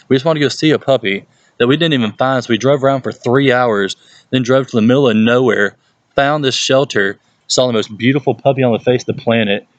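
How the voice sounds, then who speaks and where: A man's voice: no room sound, highs cut off. Chatty Mississippi man, dry close sound. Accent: Southern US (Mississippi). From Hattiesburg, Mississippi, USA. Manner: chatty and playful, jumps into exaggerated high-pitched voices when quoting people. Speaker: youth pastor. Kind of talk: casual advice vlog. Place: at home, with his dog nearby.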